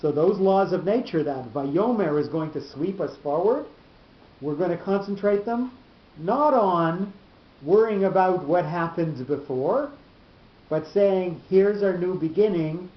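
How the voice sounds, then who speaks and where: A man leads a Torah class with a slightly high voice, explaining step by step and often repeating words as he gathers his thoughts. The room is echoey, the sound is dull, and a faint rumble sits underneath. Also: animated, measured pace.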